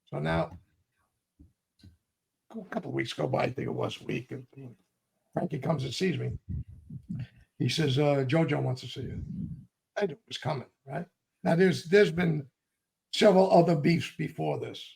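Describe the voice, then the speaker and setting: A man's voice: mid-range voice, gravelly, darkish tone. An older man, telling a long story in an interview and acting out both sides of old arguments. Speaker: interview guest.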